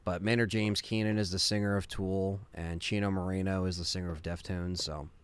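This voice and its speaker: A man chatting casually while streaming a game live, excitable and quick to swear. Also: low-pitched, slight background noise. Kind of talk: casual live gameplay chat.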